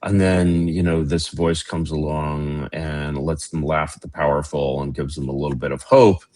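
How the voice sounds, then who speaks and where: Low-voiced sardonic man rambling. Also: little pitch movement, normal speed, darkish tone. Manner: rambling, sardonic, many fillers. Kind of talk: casual political conversation.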